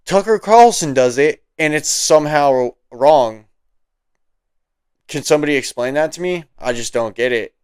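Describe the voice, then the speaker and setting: A man's voice: fairly high pitch, expressive, normal speed, clean tone, dry recording. A man hosting political commentary, ranting in a heated, profane, mocking way.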